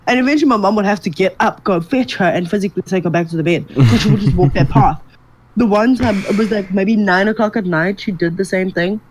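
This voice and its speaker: A woman co-hosting a comedy podcast, telling stories in an animated way with frequent laughter. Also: medium pitch, fast, few pauses, background noise. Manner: animated storyteller, laughs often. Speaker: podcast co-host. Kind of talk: casual comedic chat.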